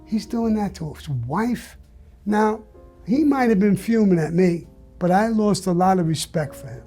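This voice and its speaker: A man being interviewed, telling a story bluntly and profanely in a casual, animated way. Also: high voice, measured pace, soft background music. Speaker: interview guest.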